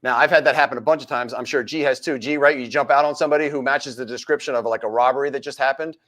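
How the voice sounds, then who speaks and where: A man hosting a live-stream chat, a former police officer who lively acts out street encounters in different voices. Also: medium pitch, fast.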